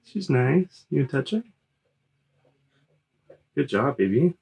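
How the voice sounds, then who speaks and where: A parent using gentle, coaxing baby talk to a small child, repeating words slowly and reassuring the child. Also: mid-range voice, big pitch swings, creaky, slightly rough. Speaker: parent showing animals to a toddler.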